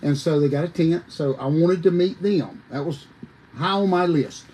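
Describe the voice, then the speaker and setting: Older man, folksy animated storyteller, slightly high voice. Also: normal speed, low-quality recording. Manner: folksy, emphatic, addresses listeners as folks. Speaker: guest storyteller, former wrestler.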